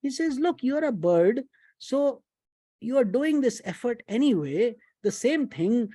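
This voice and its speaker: A man voicing a kindly, amused old sage who gently instructs and repeats himself for emphasis, inside a spoken religious story. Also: very high voice, big pitch swings, a little slow, dry recording, voice pushed up, full character voice. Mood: encouraging.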